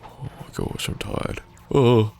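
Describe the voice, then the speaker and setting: Very low, croaky-voiced male streamer. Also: normal speed. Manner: chatty, jokey asides to viewers. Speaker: game streamer. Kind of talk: casual gameplay livestream commentary. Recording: game music under voice. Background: game music.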